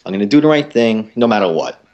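Young man, podcast host, casual chat, animated, swearing, muffled lo-fi audio. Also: fairly low pitch, fast. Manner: animated storytelling, heavy swearing.

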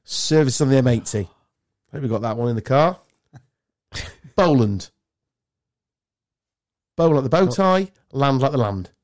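A man's voice: unhurried, long pauses. A man hosting a quiz game with friends in casual banter, playful and teasing. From England. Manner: playful, teasing quizmaster, lively pitch swings. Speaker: podcast host running a quiz game.

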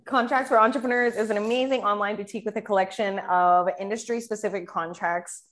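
A woman's voice: mid-range voice, fairly even intonation, quick pace, a bit bright. A woman hosting a business podcast, gushing and laughing often as she introduces her guest. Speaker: podcast host. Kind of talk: casual podcast chat.

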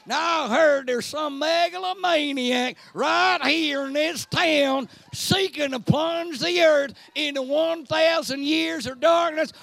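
Loud folksy farmer hero, as a man puts him on, high and gravelly. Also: no echo, full character voice. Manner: loud, folksy bravado, shouting threats. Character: brash rustic male farmer hero, tough.

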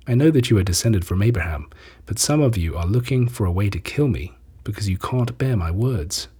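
A man reading scripture, giving Jesus's lines in a measured, solemn way. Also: on the low side, expressive, dark tone, husky. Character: Jesus, a calm, authoritative teacher, adult man.

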